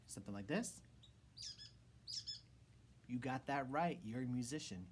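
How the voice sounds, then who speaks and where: A man's voice: medium pitch, animated, moderate pace, long pauses, noisy background. A man who is a music teacher, giving a rhythm lesson to children in an encouraging way and chanting rhythm syllables.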